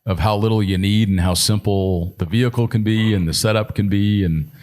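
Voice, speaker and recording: A man in his fifties hosts a casual podcast interview in a low voice. He affirms his guest often and steers the talk with easy follow-up questions. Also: brisk, darkish tone. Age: 50s. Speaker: podcast host.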